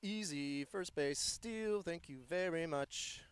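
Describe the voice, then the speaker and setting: Playful, excitable American male sports commentator; somewhat high, smooth voice, dry close sound. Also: slow, no room sound. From United States. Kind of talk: live play-by-play commentary.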